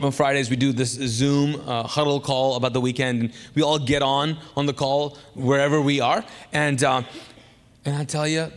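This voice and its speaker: A man preaching a sermon as pastor, lively and chatty, acting out funny stories with sudden loud bursts. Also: on the high side, long reverb tail. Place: church sanctuary.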